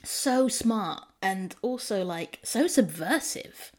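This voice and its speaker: A woman's voice: medium pitch, animated, slow pace, darkish tone. A woman in a casual book discussion, talking in a thoughtful, emphatic way.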